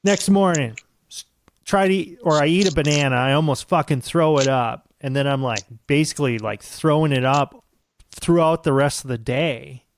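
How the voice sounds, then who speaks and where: A man's voice: fairly high pitch, moderate pace, a little hiss or hum. A man, co-hosting a podcast and telling rambling, profanity-laced stories in casual chat. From United States. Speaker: podcast co-host.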